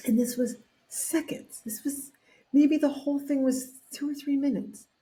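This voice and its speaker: A woman guest on a podcast, telling an anecdote in an animated way, acting out what people said and often restarting her sentences. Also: high-pitched, measured pace. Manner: animated storyteller acting out quotes, frequent restarts. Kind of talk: storytelling in a podcast interview.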